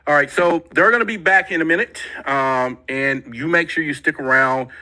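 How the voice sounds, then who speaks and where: A man's voice: on the high side, normal speed, sharp tone, poor audio. A man hosting a talk show, chatting casually and directly to his audience, repeating himself as he goes. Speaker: show host.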